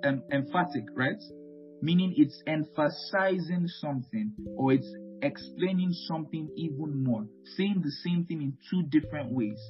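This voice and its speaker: A man with a fairly high voice delivers a Bible teaching sermon. He leans hard on key phrases, repeats them, and punctuates with amen. The recording is dull and lo-fi, with guitar music clearly audible behind him. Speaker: pastor.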